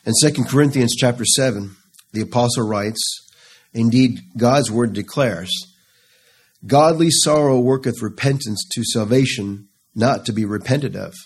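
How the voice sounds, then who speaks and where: A man preaching a sermon in a low, husky voice. He reads scripture earnestly and pleads with his listeners, rising for the quoted cries.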